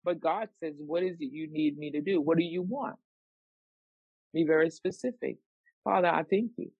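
Gravelly, husky minister on a dull recording. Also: medium pitch, normal speed, no echo. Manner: animated, specific, acts out prayers. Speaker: co-minister in a teaching program. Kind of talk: Bible teaching sermon.

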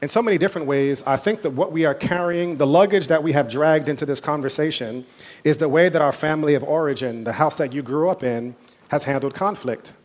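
A man preaching a sermon as pastor, talking in a conversational way with asides and quick quoted voices. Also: on the high side.

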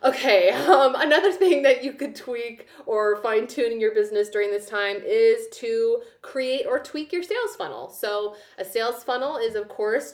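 A woman hosting her own podcast, giving upbeat, chatty business advice. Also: on the high side. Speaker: podcast host. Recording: roomy echo.

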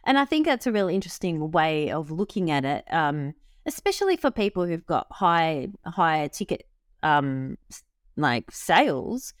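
A woman's voice: low-pitched, very animated, normal speed, dry recording, studio quality. A woman hosting a casual interview, upbeat and encouraging, with frequent ums and likes. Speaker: host.

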